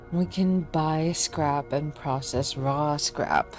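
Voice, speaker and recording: A woman's voice: lowish voice, takes it slowly, a little mellow, faint music behind. A woman streaming a game, casual and self-deprecating, reading the story text aloud.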